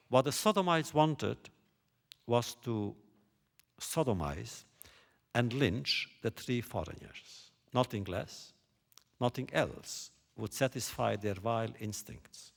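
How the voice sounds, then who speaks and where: A male lecturer working through a biblical passage, stopping often to put pointed rhetorical questions to his audience. He speaks slowly and deliberately, and his pitch rises and falls widely. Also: lively intonation, vocal fry. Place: lecture hall stage.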